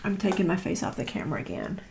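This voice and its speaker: A woman's voice: lowish voice, big pitch swings, fast talker, creaky, background noise. A woman, teaching a live crafting tutorial in a chatty, self-deprecating way with frequent fillers. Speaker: paper craft instructor.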